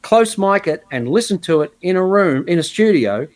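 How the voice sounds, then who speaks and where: Man, guitarist guest, casual podcast chat, slightly high-pitched, animated, mimics others. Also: normal speed. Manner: animated storyteller who mimics other players.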